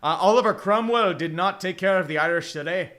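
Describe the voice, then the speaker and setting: A man's voice: high-pitched, fairly quick, fairly bright tone. A man streaming a football watch-along, chatting casually and profanely, with bursts of mock play-by-play calls. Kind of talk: casual live game commentary.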